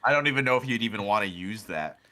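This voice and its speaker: A man's voice: on the low side, animated, fast, pushed and bright. A man co-hosting a stream in casual chat, blunt and mocking, with frequent swearing. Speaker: stream co-host.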